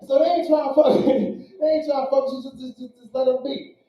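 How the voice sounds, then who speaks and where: A male comedian doing a stand-up set, loud and brash, swinging between shouting and muttering, on a club stage. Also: extremely high pitch, little pitch movement, moderate pace. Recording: echoey distant club recording, dull sound.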